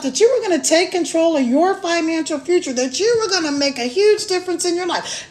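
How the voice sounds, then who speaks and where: A woman chatting casually on a livestream into a phone, animated and laughing often as she talks. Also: very high-pitched. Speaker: online business promoter. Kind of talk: casual live-stream chat.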